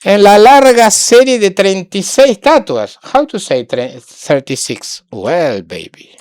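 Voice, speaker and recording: A woman teaching a Sanskrit lesson online, thinking aloud while she works on screen, halting and repeating words, often restating them in Spanish. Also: mid-range voice, very animated, darkish tone, dry recording, clean studio sound.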